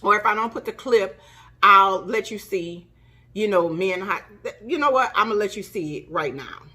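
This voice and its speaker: A woman's voice: medium pitch, moderate pace. Woman vlogger retelling a hospital visit. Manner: animated retelling, acts out quoted dialogue. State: coughing. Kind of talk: casual storytelling.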